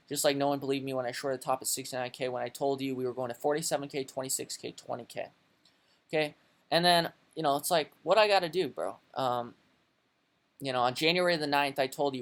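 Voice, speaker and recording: A man's voice: medium pitch, steady tone, fast, fairly bright tone. A young man brashly commenting on his trading plan to his viewers, profane and frustrated, calling them guys and bro. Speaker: crypto trading video host. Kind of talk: casual market commentary to camera.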